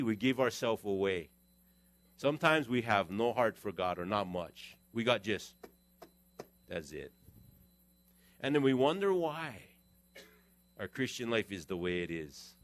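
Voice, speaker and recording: A middle-aged pastor preaching a sermon in an animated, conversational way, his volume rising and falling. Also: mid-range voice, dry recording.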